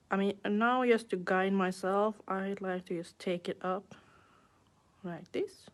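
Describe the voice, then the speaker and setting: A woman nail artist talks through a live nail art class in an unhurried, relaxed way. She chats casually and thinks aloud as she paints, adding playful little sound effects. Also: mid-range voice.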